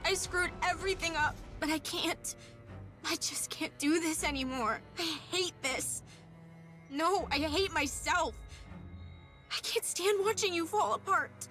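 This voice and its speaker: A furious, tearful young protector. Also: female voice, very high-pitched, unhurried, soft background music, exaggerated voice. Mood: sobbing. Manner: shouting, breaking into sobs. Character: young woman fiercely protecting her pop star friend.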